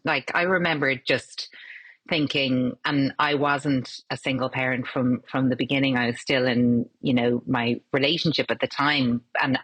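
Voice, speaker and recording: A woman's voice: rumbling low, fairly even intonation, normal speed, a bit bright, slightly rough, no echo. A woman hosting a podcast, reflective and empathetic, searching for words as she relates to her guest. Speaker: podcast host. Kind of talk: empathetic interview conversation.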